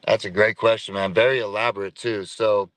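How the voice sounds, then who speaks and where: A man's voice: lowish voice, steady tone, fairly quick, a bit bright, dry recording, poor audio. A man in his thirties, a podcast guest, speaking reflectively and casually with swearing and repeated phrases.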